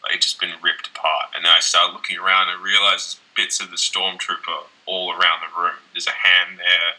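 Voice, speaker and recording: In a roughly recorded web-series scene, an actor plays a young man on a date, telling a rambling, profane story about his wrecked room. His low voice is flat, a little fast, sharp and exaggerated, and the conversational acting has a rueful mood.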